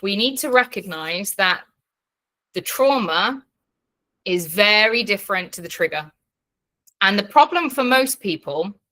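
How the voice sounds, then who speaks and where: A woman's voice: mid-range voice, sharp tone. A woman teaching an online class as a coach, talking frankly and bluntly, swearing freely and checking in with her listeners.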